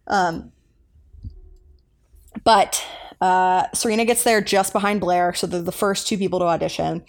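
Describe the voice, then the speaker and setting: A woman's voice: lowish voice, fairly even intonation, a little slow. A young woman co-hosting a podcast, chatting casually and rambling with lots of fillers as she recaps an episode. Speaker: podcast co-host.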